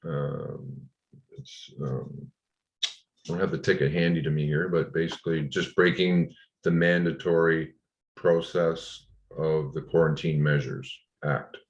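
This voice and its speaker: A man telling of his ordeal in an interview, frustrated and indignant, with halting restarts. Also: very deep voice, steady tone, roomy sound. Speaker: interview guest. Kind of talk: recounting a personal ordeal in an interview. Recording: dull lo-fi audio.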